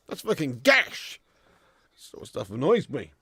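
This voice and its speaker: Gravelly man bantering on a live stream. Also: fairly high pitch, huge pitch swings, normal speed, sharp tone, no room sound, clean studio sound. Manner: chatty banter reading out viewer comments, swears and laughs often. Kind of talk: casual live watch-along chat.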